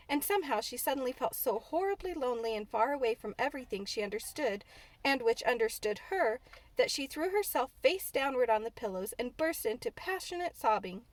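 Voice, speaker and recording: A woman narrating a classic novel in an expressive audiobook reading. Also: on the high side, fairly quick, no room sound. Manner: expressive storytelling.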